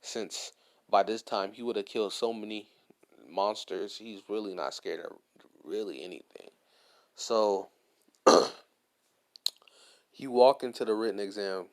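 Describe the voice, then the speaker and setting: A man with a fairly low voice casually narrating an improvised fan story. He rambles, drops slang and keeps saying "like" as he goes. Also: slow, vocal fry, long pauses. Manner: rambling, slangy, full of "like" and restarts.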